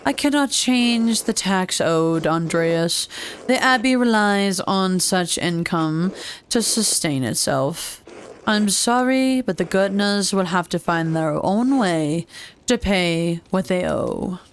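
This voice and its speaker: A woman voicing a stern older male abbot in a game, speaking slowly and dismissively. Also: fairly low pitch, animated, a little hiss or hum. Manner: slow, measured, dismissive.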